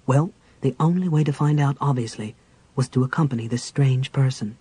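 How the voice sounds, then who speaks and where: Male audiobook narrator, breathy tone, steady storyteller pacing. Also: medium pitch, a little fast, rough recording. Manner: even, storytelling delivery.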